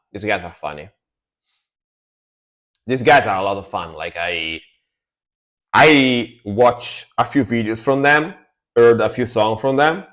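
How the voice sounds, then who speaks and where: On a music reaction live stream, a man with a lowish voice chats casually. He's laid-back and rambling, often trailing off quietly.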